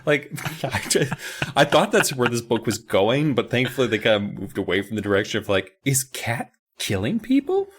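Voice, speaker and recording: A man's voice: medium pitch, very animated, moderate pace, slight background noise. A man co-hosting a podcast, chatting casually and riffing with exaggerated impressions of the characters. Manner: riffs with exaggerated impressions, laughs, swears. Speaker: podcast co-host. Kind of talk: casual comedic chat.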